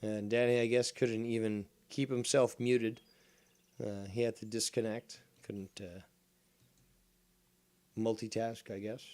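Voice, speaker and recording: A man's voice: lowish voice, level tone, a little slow, pauses often, a little mellow. A man from Canada hosting a gaming stream, teasing and swearing as he rambles on a computer mic. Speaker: streamer host. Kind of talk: casual gaming stream chat.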